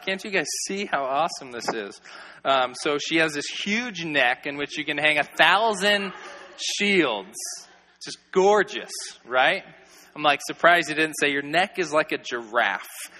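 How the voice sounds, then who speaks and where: Joking, animated preacher with a bright voice. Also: male voice, a little high, a little slow, in a large hall. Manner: animated, joking, conversational with filler "like". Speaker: pastor or youth preacher. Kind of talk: sermon, expository Bible teaching.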